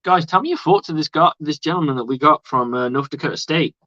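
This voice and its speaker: A man with a voice on the high side and a sharp tone talks quickly while livestreaming casual sports talk. He is from outside the United States, chatty, rambling, and profane, and the sound is dull, dry, lo-fi, and echo-free.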